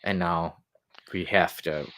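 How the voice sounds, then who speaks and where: A man co-hosting a podcast, chatting casually about comics in a rambling way, chuckling and reading quotes aloud slowly. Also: sits low, fairly even intonation, pushed and bright, no echo, clean studio sound. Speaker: podcast co-host.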